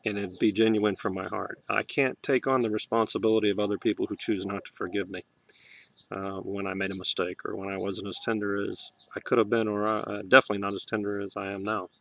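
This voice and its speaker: Man in a self-filmed spiritual talk, low voice, gentle, emotional and halting. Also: little pitch movement, gravelly. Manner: soft, emotional, halting with restarts. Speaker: vlogger. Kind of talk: heartfelt spiritual monologue.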